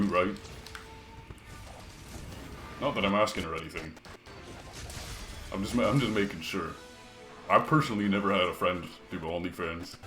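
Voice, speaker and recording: A deep, slightly bright-voiced man who is half British, half Canadian streams a game, reading his chat aloud and trading crude jokes with it. The room sounds echoey, with faint music playing behind him.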